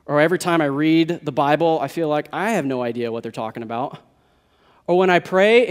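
High-voiced man preaching a sermon. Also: big-room sound. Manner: earnest, building to emphatic declarations. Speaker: pastor.

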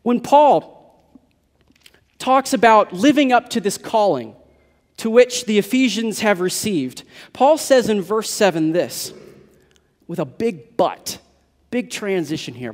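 A man's voice: high-pitched, animated, slow pace, pauses often, darkish tone, in a large hall. A man preaching an earnest sermon that builds to emphatic declarations. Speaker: pastor.

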